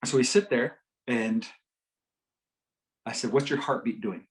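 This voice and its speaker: A middle-aged man giving a talk at a community health forum, telling a patient story with lively swings between loud emphasis and hushed, gentle quotes. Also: mid-range voice, unhurried, rough recording.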